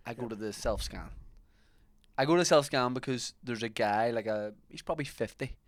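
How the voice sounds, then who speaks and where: A young man with a mid-range voice and moderate pace co-hosts a podcast on a dry recording. In casual chat, he tells a long, rambling, self-mocking anecdote and laughs at himself.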